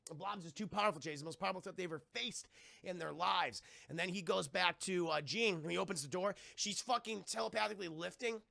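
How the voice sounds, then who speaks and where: A young man casually recapping a cartoon on a live stream, rambling excitedly and chatting to viewers. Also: high voice, fast talker, gravelly, dry recording.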